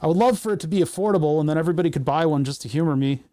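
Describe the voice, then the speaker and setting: A man's voice: on the high side, racing, warm tone. A man streaming while he builds electronics, thinking aloud in a rambling, jokey way as he works through each technical step. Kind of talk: casual live-stream chat while working.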